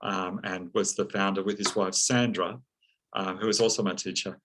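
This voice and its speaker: A man speaking as an interview guest, slow and reflective, with many pauses and fillers. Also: low voice, steady tone, a bit bright, a little hiss or hum, low-quality recording. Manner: slow, thoughtful, many ums and uhs. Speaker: psychologist and counseling teacher, guest.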